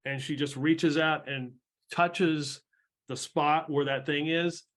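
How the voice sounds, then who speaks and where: A man's voice: on the high side, steady tone, slow, fairly bright tone. Casual man narrating as game master. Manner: casual, filler-heavy narration.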